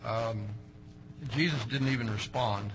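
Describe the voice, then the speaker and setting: A male pastor preaching a sermon, swinging between loud emphatic phrases and quiet asides. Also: medium pitch, measured pace, soft background music, poor audio.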